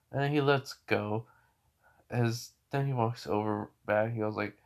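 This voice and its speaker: Slow, rambling young man telling a story. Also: lowish voice, steady tone. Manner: rambling, full of "like" and restarts. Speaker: fan storyteller. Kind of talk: casual retelling of a fan story.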